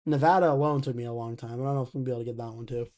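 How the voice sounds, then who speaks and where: A man's voice: mid-range voice, steady tone, racing, mellow. A young man hosting an election night live stream, chatting casually, thinking aloud and reading out viewers' comments.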